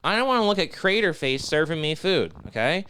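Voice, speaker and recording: A man's voice: on the high side, very animated, brisk, sharp tone, clear, resonant tone. A man co-hosting a comedy podcast, ranting profanely and sarcastically, piling up rhetorical questions. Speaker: podcast co-host.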